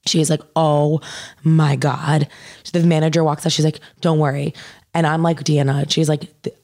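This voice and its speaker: A young woman with a notably low voice tells a long personal story. She fills nearly every phrase with "like" and swears offhandedly, as casual podcast chat. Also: little pitch movement, normal speed, darkish tone. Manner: says "like" constantly, swears casually.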